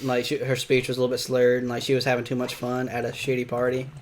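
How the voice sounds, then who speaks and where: A man's voice: medium pitch, completely flat delivery, fast, slight background noise. A man co-hosting a gameplay chat, telling a story hesitantly with many ums and restarts.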